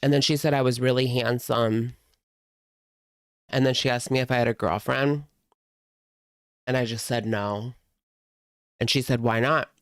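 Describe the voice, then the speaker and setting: A man's voice: medium pitch, fairly even intonation, measured pace, long pauses, clean tone, no echo, clean studio sound. A man in his thirties telling a rambling, amused story in a casual chat with a live audience, with lots of fillers. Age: 30s. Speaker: host.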